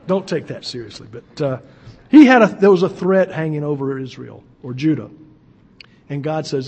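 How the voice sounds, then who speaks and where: A man's voice: on the high side, normal speed, pauses often, a little mellow, slightly rough, long reverb tail. A man preaching as a pastor, reading scripture aloud and explaining it in an earnest, emphatic way with folksy asides.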